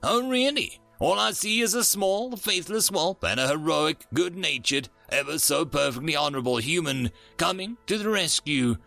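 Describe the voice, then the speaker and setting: A man's voice: a little high, animated, measured pace, creaky, bright, forceful tone, faint music behind, exaggerated voice. A man voicing an arrogant, large, fanged alien noble warrior who sneers and snarls his taunts. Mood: snarling.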